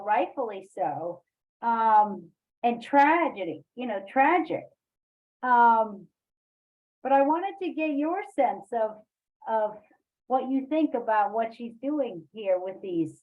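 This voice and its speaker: A woman leading a poetry workshop, talking haltingly with many fillers and restarts. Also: a little high, lively intonation, phone-quality sound. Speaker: workshop leader. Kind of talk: online poetry workshop discussion.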